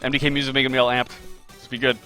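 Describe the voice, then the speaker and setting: A man's voice: medium pitch, little pitch movement, rapid-fire, bright, forceful tone, soft background music. A man hosting a casual live stream as a game artist, upbeat and chatty, greeting viewers by name while he draws.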